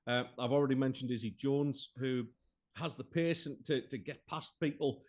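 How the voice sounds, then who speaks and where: A man's voice: medium pitch, normal speed, a little mellow. A man joining a live football stream as guest co-commentator, speaking out about the play and the refereeing. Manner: outspoken, complains about refereeing decisions.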